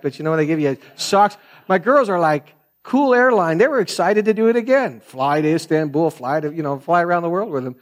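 Chatty, digressive middle-aged male pastor. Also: fairly high pitch. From France. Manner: chatty, digressive, says "man" a lot. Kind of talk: sermon.

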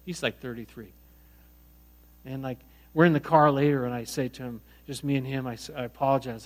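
In a mid-range voice at a slightly fast clip, a middle-aged pastor shares a personal story during his sermon, speaking in a lively, conversational way and frequently restarting his sentences.

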